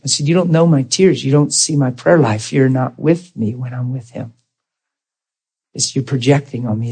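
Husky-voiced man preaching a story. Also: medium pitch, poor audio. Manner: earnest, animated retelling with quoted dialogue. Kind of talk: storytelling sermon.

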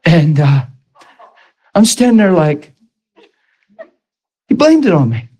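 A man preaching, retelling a story in an animated, emphatic way with lots of repetition. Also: on the high side, takes it slowly, husky, poor audio. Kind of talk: storytelling sermon.

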